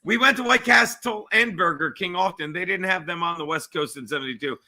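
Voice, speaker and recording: A man hosting a casual football watch stream, loud and excitable, yelling at the game. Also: high-pitched, a little fast. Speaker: livestream host.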